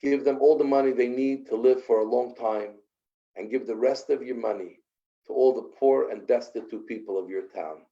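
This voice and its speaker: A man's voice: mid-range voice, moderate pace, lo-fi sound, lightly acted. A man playing a grave old sage rabbi. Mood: solemn. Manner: calm, solemn.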